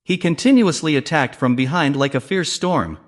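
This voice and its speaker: A man's voice: a little high, moderate pace. A man narrating a comic story recap, reading all the characters' lines in his own voice.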